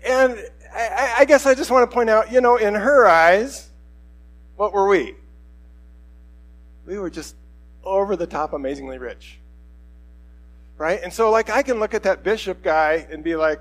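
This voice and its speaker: A middle-aged man pastor preaches in a relaxed, conversational way, slipping into quoted voices as he tells a personal story. His voice sits a little high for a man. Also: normal speed, pauses often, low-quality recording.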